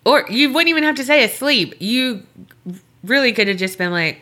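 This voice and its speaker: A woman with a fairly high, bright voice chats with her co-host and reads listener emails. Her delivery is giggly and animated, with a very lively pitch. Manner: giggly, animated, quick banter. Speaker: podcast co-host. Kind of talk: casual chat, reading listener emails.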